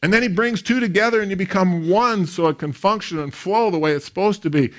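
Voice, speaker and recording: A man, a pastor, preaching a sermon in an animated storytelling way, with big swings in loudness. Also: sits high, brisk.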